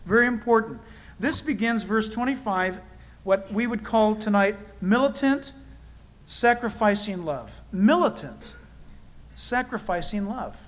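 A man's voice: sits high, expressive, unhurried, rough recording. A man preaching a sermon in a conversational, emphatic way, repeating key phrases and dropping in personal asides. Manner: self-deprecating personal asides. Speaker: pastor.

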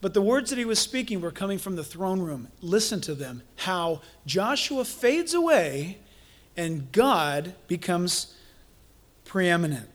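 A male pastor preaching a conversational sermon with wry humor, shifting between lively emphasis and hushed, quiet points. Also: high voice, unhurried.

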